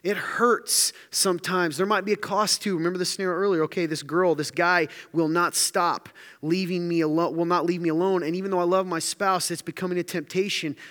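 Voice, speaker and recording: Male pastor, energetic conversational sermon, slightly high voice, reverberant room. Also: fairly quick, hardly any pauses. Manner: energetic, joking, conversational preaching.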